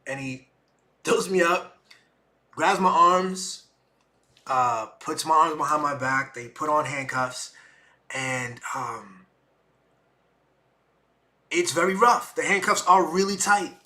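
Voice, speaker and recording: A middle-aged podcast host with a fairly high voice speaks slowly and pauses often. His personal story comes out emotional and animated, with him acting out what people said.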